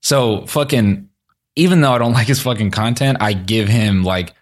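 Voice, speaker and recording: A man chatting casually on a podcast, telling an animated story, acting out quotes, swearing often and laughing a lot. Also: fairly low pitch, moderate pace. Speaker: comedian co-host.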